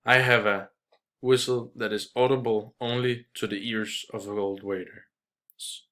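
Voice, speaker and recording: A man voicing a loud, boisterous middle-aged father who shouts and mocks a waiter. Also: fairly low pitch, steady tone, slow pace. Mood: mocking. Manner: shouting, mocking.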